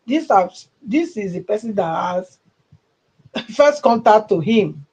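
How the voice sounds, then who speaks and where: A woman's voice: medium pitch, darkish tone, slightly rough, highs cut off. A woman with a Nigerian English accent hosting a livestream, giving emphatic, rambling political commentary with a mocking edge. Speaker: channel host.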